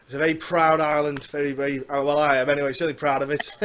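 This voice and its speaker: Manx guy hosting a podcast, rambly and jokey about himself, voice sits a bit high. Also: level tone, very fast, fairly bright tone. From Isle of Man. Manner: chatty, rambling, self-deprecating. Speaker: podcast host. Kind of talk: casual interview chat.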